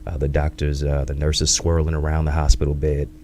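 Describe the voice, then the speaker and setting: Guest author, male, 30s, very low dark voice, measured and quotable, light hum behind. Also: monotone. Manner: reflective, measured, fond of catchy sayings. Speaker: author and speaker, interview guest. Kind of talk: conversational interview storytelling.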